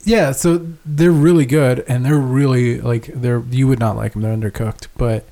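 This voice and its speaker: A young man chats loosely on a podcast, rambling through a story with swearing and frequent laughter. His voice is mellow and relaxed, sitting in a middle pitch. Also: moderate pace. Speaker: podcast co-host. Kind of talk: casual chat.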